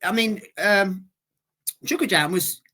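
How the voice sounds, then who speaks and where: A man co-hosting a casual boxing podcast, chatty and halting, often repeating words as he talks. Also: high-pitched, bright, forceful tone. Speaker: podcast co-host.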